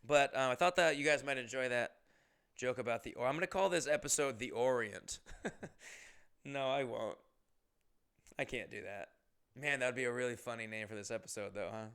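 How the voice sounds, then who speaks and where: A man's voice: medium pitch, normal speed, pauses often, fairly bright tone, clear, resonant tone. A young man hosting a comedy podcast, telling stories casually, rambling and profane, and often interrupting himself.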